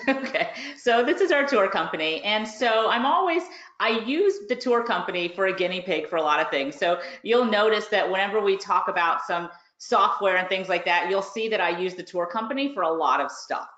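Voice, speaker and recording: A woman's voice: mid-range voice, lively intonation, normal speed, fairly bright tone. A woman casually telling a story on a webinar, chatty and laughing, acting out the phone calls she got. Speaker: course reviewer and online business host. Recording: roomy, dull lo-fi webinar audio.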